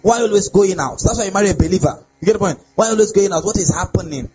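A young male pastor with a high voice preaches in an animated way and keeps checking that his listeners follow him. The sound is dull and lo-fi, with faint ambience behind him. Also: quick pace, a little hiss or hum. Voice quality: animated preaching with laughs and repeated rhetorical questions. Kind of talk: sermon on relationships.

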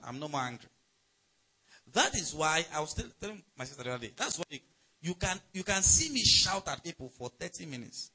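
A middle-aged man preaching a sermon as pastor, emphatic, swinging between loud and soft and checking in with the congregation. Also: a little high, breathy edge, rough recording.

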